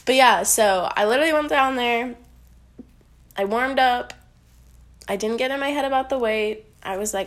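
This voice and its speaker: A woman's voice: fairly high pitch, moderate pace. A woman powerlifter talking casually to camera, rambling with lots of fillers and swearing, a little congested. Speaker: powerlifter vlogger. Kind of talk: casual talking-head vlog.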